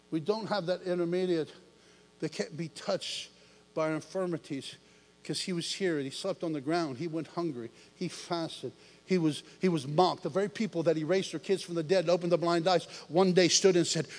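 A high-pitched man delivers a lively, joking sermon, slipping into little acted-out voices. His voice rings with the long reverb of a large church hall. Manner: animated and joking, acts out voices. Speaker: preacher.

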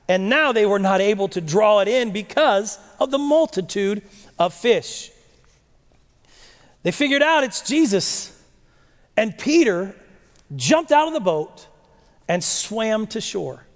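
Animated high-voiced male preacher in a hall. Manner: animated, rhetorical questions, dramatic slow readings. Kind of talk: sermon reading and explaining scripture. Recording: long echo of a large hall.

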